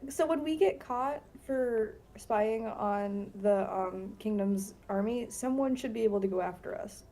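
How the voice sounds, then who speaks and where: A woman's voice: medium pitch, a little slow, warm tone. A woman playing a tabletop game, teasing and laughing in casual chat. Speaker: player.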